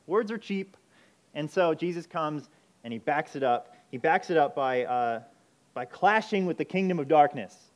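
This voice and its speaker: A man preaching a sermon, emphatic, moving between urgent loud passages and quiet intense ones. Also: a little high. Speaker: pastor.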